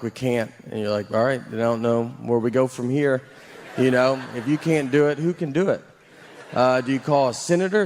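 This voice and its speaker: A man from Nashville doing a stand-up set, deadpan and rambling, with many fillers and restarts. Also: mid-range voice. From Nashville, Tennessee. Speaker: stand-up comedian.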